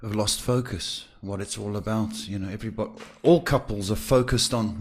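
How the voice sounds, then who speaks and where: A man's voice: fairly low pitch, a little fast, few pauses, breathy edge. A man with a South African accent, a psychic tarot reader giving chatty live-stream advice to viewers and calling them sweetheart.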